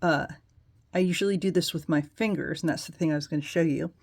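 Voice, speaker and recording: A woman's voice: sits low, quick pace, darkish tone. A woman hosting a casual nail polish tutorial, chatty and rambling, with self-deprecating asides as she demonstrates.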